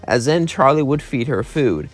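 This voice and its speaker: A man's voice: mid-range voice, very animated, normal speed, soft background music. A man casually narrating a fan story in a loose, rambling way.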